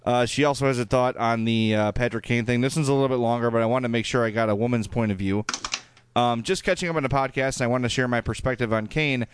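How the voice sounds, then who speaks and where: A man's voice: mid-range voice, fast talker, noisy background. A man with a Chicago accent co-hosting a casual podcast, reading listener emails aloud with plenty of fillers. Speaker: podcast co-host.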